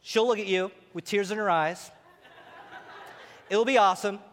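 Pastor, male, thirties, high voice; lively sermon with soft asides, in a reverberant hall. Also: normal speed. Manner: animated storytelling, drops to soft intimate tone for quoted prayers. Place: church hall. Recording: long reverb of a large hall.

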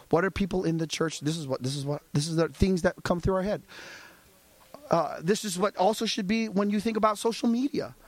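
A man's voice: high-pitched, dry recording. A male pastor preaching a sermon, asking the congregation rhetorical questions and acting out little dialogues.

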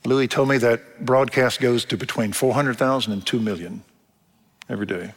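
Older pastor, folksy storyteller. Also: male voice, mid-range voice, steady tone, moderate pace. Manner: folksy storytelling, acts out quotes. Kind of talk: sermon. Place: church sanctuary. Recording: long reverb of a church hall.

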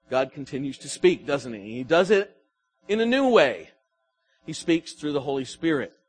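Man, pastor preaching, higher voice, swelling and dropping emphasis, soft music behind. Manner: preaching with swelling and falling emphasis, asking the congregation questions. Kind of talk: sermon.

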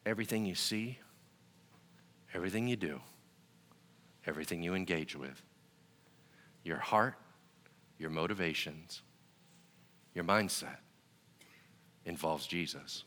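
A man preaching a sermon as pastor, lively and conversational, acting out other people's voices and then dropping to a quieter, gentler delivery. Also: low-pitched, a little slow, long pauses. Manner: animated, acts out voices of God and listeners; drops to a quieter, softer delivery when reassuring. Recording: long hall reverb.

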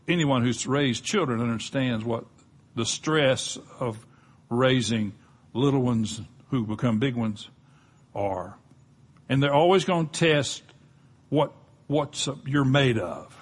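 A man's voice: a little high, fairly bright tone, husky. An older man with a Southern US accent preaching a sermon, folksy and conversational, with touches of humor. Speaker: pastor.

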